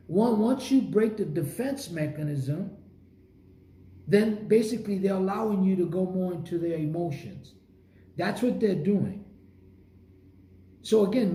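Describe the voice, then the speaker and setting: A man's voice: high-pitched, warm tone. Emphatic man coaching salespeople, roomy sound. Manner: emphatic and punchy, short repeated phrases. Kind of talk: motivational sales training talk. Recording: roomy echo.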